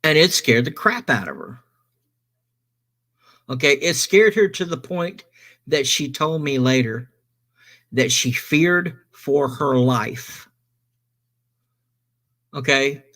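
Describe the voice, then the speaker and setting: A middle-aged man casually telling a personal story, animated, swearing and quoting others in his own voice. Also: mid-range voice, slow pace, pauses often.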